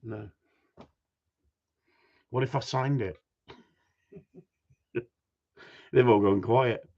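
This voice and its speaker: A man's voice: mid-range voice, drawn-out words. A man, hosting a casual live stream, reading out viewer comments and teasing his audience with jokes and mild swearing. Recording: dull lo-fi sound.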